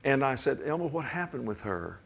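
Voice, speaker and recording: An older man preaching a sermon in a folksy, rambling way, often asking the congregation "amen?" and swinging from hushed to loud and emphatic. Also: mid-range voice, sing-song, fairly quick, vocal fry, slightly rough.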